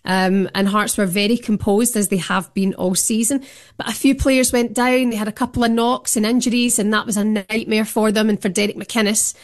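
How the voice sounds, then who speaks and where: A woman's voice: medium pitch, steady tone, normal speed. A woman guest on a radio phone-in, talking with gushing enthusiasm. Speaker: guest fan. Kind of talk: phone-in chat.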